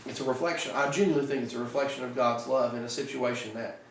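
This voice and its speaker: A pastor with a Southern American accent preaching a conversational evening sermon, retelling scripture stories with little voices and many restarts. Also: male voice, mid-range voice, fairly even intonation, quick pace, a little hiss or hum. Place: church sanctuary. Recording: echoey church from far off.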